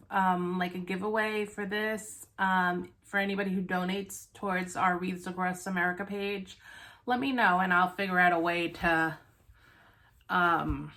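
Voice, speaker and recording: A woman's voice: medium pitch, fairly bright tone. A woman hosting a stitching vlog, chatting casually to viewers, out of breath, rambling with many ums and restarts.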